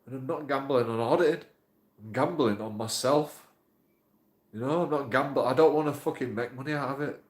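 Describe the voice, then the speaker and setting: For his YouTube auditing channel, a man goes on in a rambling, emotional way, swearing and saying things over again. His voice is mid-range, his pace moderate, and the room echoes noticeably.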